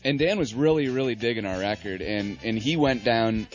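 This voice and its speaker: A man's voice: mid-range voice, moderate pace. A man, a band member guest, telling long anecdotes with lots of fillers. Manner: rambling anecdotes with many fillers. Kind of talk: casual interview storytelling. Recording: dull lo-fi recording. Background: faint music in background.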